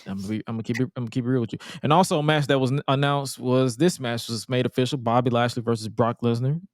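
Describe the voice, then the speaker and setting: A man's voice: medium pitch, fairly even intonation, racing, dry recording, clean studio sound. A man hosting a casual wrestling podcast, talking bluntly and jokingly with plenty of swearing. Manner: blunt, profane, jokey. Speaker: podcast host.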